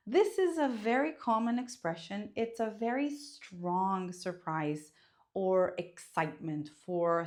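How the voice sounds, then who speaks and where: Lively Italian-accented woman teaching. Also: medium pitch. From Italy. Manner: expressive, emphatic, demonstrates intonation. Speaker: language teacher. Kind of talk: online language lesson.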